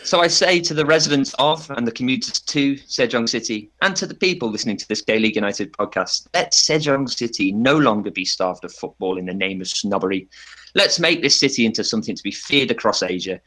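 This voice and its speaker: A man on a podcast giving a playful, tongue-in-cheek pitch and laughing often. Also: animated, brisk, bright, forceful tone. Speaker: podcast panelist. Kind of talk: mock campaign pitch.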